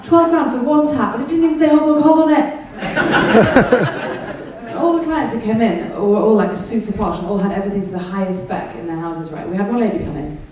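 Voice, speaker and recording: A woman's voice: mid-range voice, brisk. A woman performing a chatty, cheeky stand-up set and teasing the crowd, recorded live in a concert hall. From Wales. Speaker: stand-up comedian. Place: concert hall with a laughing audience. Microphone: venue recording taken from the audience. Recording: distant echoey hall audience recording.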